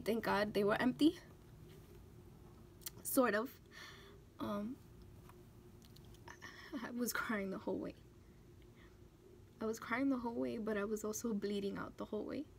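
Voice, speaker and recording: A woman's voice: on the high side, steady tone, measured pace, long pauses, a little hiss or hum. A young woman vlogging about a hard personal experience, tearful and fighting back crying as she talks. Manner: tearful, breaking down while telling a story. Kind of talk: emotional personal vlog.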